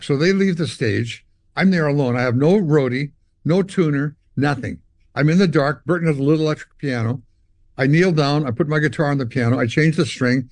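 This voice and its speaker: A slightly high voice at normal speed, with no echo, belongs to an older Canadian musician being interviewed. Telling long stories with animation, he acts out conversations and recreates guitar sounds vocally.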